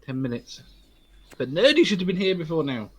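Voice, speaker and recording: A man's voice: fairly high pitch, very animated, a little fast. A man chatting casually on an online hangout, giggly and teasing.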